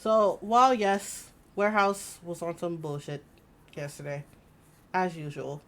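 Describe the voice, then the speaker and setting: Woman streamer chatting while she plays, kinda low voice, rambly stories, laughs a bunch. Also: fairly even intonation, unhurried. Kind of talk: casual game-stream chat.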